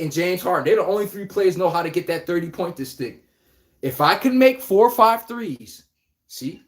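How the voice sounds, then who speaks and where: A man hosting a live basketball talk stream, animated and trash-talking, laughing often and answering viewers by name. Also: high voice. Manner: addresses chat viewers by name. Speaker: podcast host. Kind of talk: casual live sports talk.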